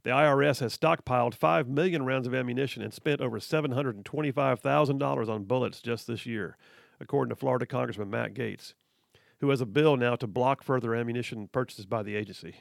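Gravelly male talk radio host. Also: mid-range voice, fast talker, dry recording, studio quality. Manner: energetic, emphatic, folksy. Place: radio studio. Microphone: studio mic.

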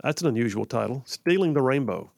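A man hosting a talk radio show in a studio, in an energetic, folksy, chatty way. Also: medium pitch, a little fast, vocal fry, no echo.

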